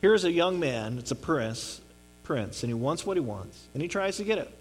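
A man's voice: fairly high pitch, expressive, moderate pace, husky. Earnest man teaching a Bible passage. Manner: earnest, checks in with listeners often. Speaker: pastor.

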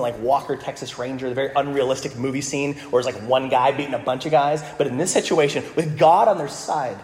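A man's voice: mid-range voice, darkish tone. Jokey preaching man in an echoey hall. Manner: casual, jokey preaching with playful voiced asides. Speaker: pastor. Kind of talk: sermon. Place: church sanctuary. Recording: echoey hall with long reverb.

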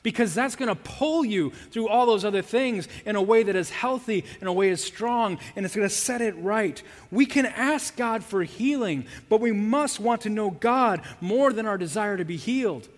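A man's voice: high voice, normal speed, hardly any pauses, long reverb tail. A male pastor preaching a sermon in earnest, repeating key phrases for emphasis.

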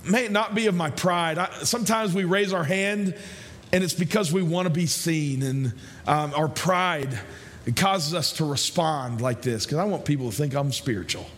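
High-voiced male pastor preaching. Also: fairly bright tone. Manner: conversational, repeats phrases, slows for emphasis. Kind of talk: sermon.

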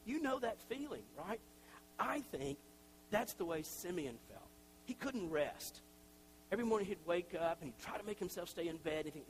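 A middle-aged pastor preaches in a loose, conversational way, full of self-deprecating asides and little acted-out quotes. His voice sits a bit high for a man. A faint hum runs under the recording. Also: lively intonation, normal speed, low-quality recording. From Tennessee. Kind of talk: sermon.

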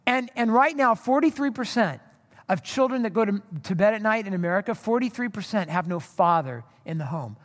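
A man preaching a sermon in a conversational, animated way, with rhetorical asides to the congregation. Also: extremely high pitch. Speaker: pastor. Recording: long hall reverb.

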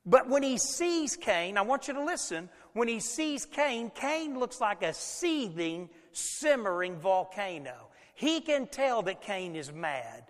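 A man preaching a sermon, animated and folksy, with casual asides to the congregation. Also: sits high, unhurried, hardly any pauses. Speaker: pastor. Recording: long hall reverb.

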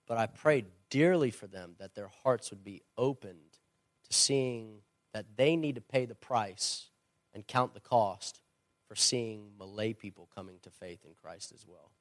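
A man's voice: mid-range voice, no room sound, clean studio sound. A man who is a missionary and former pastor, answering a question at church in an earnest, emphatic and opinionated way.

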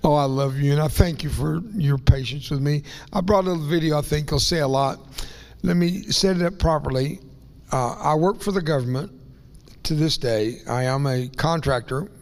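Guest preacher, male, folksy and rambling, a bit high-pitched, voice breaking into whispers, long church reverb. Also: normal speed, vocal fry, darkish tone. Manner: folksy, rambling, self-deprecating asides; voice rises and breaks into tearful whispers. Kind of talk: emotional Pentecostal sermon. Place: church sanctuary.

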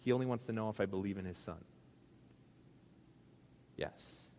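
A man's voice: mid-range voice, in a large hall. A male pastor giving a sermon in a conversational, joking way, asking the congregation questions.

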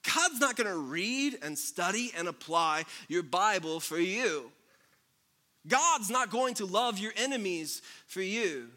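Pastor guy giving a sermon, high bright voice, jokey then quiet and serious. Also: lively intonation, slow pace. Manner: humorous, shifts between loud jokes and quiet earnest passages.

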